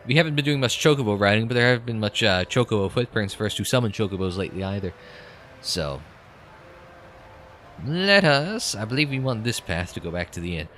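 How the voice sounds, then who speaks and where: A man's voice: lowish voice, animated, fairly quick, a bit bright, slight background noise. A man commentating his game playthrough with sarcastic, sweary asides and reading the dialogue aloud. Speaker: let's play commentator.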